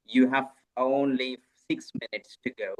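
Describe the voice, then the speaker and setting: A man's voice: medium pitch, steady tone, a little slow. Polite repetitive man moderating a call. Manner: polite, repetitive, urging others along. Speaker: session organizer. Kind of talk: online meeting moderation. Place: video call.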